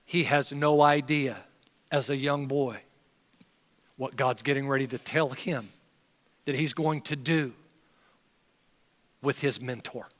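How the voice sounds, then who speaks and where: A man's voice: medium pitch, fairly even intonation, takes it slowly, pauses often, a bit bright, big-room sound. An older man, a pastor preaching a sermon and acting out the voices in the story. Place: church sanctuary.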